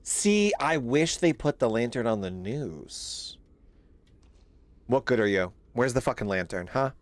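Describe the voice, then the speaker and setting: A man's voice: medium pitch, expressive, unhurried, no room sound. A young man giving jumpy, profane let's-play commentary on a horror game, laughing and complaining at the game. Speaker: gaming streamer.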